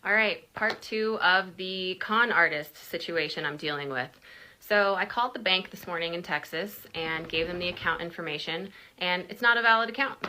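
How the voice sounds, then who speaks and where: Bright, animated woman telling a story. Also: lowish voice, moderate pace, a little hiss or hum. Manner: animated, candid, drops casual swearing. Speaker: storytime vlogger. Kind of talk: casual storytime monologue.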